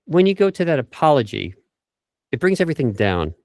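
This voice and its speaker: A middle-aged man, a vocal coach, talking casually in a podcast interview and acting out example phrases with lively emphasis. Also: on the high side, brisk, no room sound. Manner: animated, acts out example phrases.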